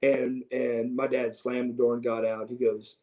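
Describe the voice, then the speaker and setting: A middle-aged man telling stories from his youth in a casual interview, animated and prone to restarts as he acts out what others said. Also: mid-range voice, moderate pace, poor audio. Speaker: interview guest. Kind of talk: casual storytelling.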